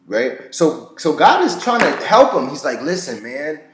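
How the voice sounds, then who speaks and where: A man's voice: a little high, big pitch swings, a little slow, a little hiss or hum. A man giving a casual, rambling commentary on scripture, full of fillers and the odd curse word. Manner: rambling, filler-heavy, profane. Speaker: religion commentator. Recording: roomy echo.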